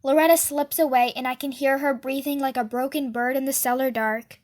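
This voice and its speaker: A woman reading a novel aloud in a steady, earnest storytelling manner. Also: sits high, a little fast. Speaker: book reader.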